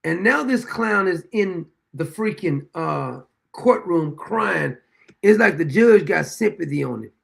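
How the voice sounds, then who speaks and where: A man's voice: high voice, animated, measured pace, gravelly, a bit bright. A man hosting a show, reacting to a courtroom video in a blunt, profane, indignant way, rambling with restarts. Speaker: show host.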